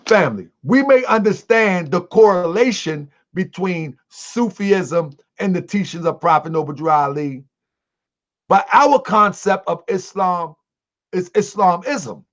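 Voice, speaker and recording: A man hosting an online livestream, commenting to his viewers in a preachy, animated way. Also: sits high, a little slow. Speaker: host of an online show. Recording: dull lo-fi sound.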